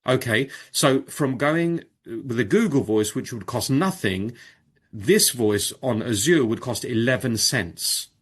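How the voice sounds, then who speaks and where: A man casually presenting on a video call, demonstrating software and thinking aloud, with frequent fillers and restarts. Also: mid-range voice, expressive, slow pace, breathy edge. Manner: informal, with many fillers and restarts. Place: home or office on a video call. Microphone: video call microphone.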